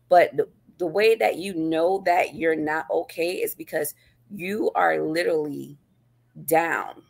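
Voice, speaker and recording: A woman author speaks as an interview guest in a very low voice with a gravelly edge. She talks earnestly and reflectively, circling back over her own phrases. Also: unhurried, darkish tone. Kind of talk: personal interview talk.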